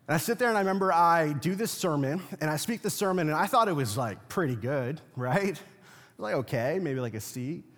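A pastor delivers a sermon in a fairly high voice, dropping low to tell a story and then rising to a forceful, insistent pitch. The long reverb of a large hall trails after each phrase. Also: male voice. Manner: swings from quiet storytelling to loud, insistent preaching.

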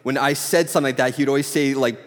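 A man preaching a sermon in a church, mixing scripture teaching with stories from his own life. His voice sits at an ordinary middle pitch, and his delivery stays relaxed and conversational rather than grand. A long hall reverb trails after his words. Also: quick pace. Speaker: pastor.

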